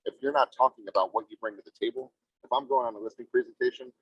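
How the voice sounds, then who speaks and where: A man's voice: fairly even intonation, racing, husky, no echo. A man, a real estate agent, talking emphatically in a team meeting and often asking "right?". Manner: emphatic, salesy, repeats "right?". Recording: muffled low-fidelity audio.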